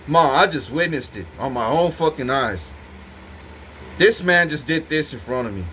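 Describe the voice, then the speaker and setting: A man's voice: mid-range voice, animated, moderate pace, fairly bright tone, a little hiss or hum, poor audio. A man talking to the camera in an intense, rambling monologue full of swearing, speaking straight to his partner. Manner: intense, profane, rambling, addressing a partner directly.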